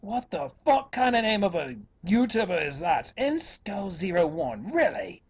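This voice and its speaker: A man's voice: sits high, sing-song, a little slow, slightly rough, exaggerated voice. A man putting on a British accent as an evil professor persona, ranting and cursing at other video makers. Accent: put-on British. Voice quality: profane, insulting rants. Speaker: YouTube commentator.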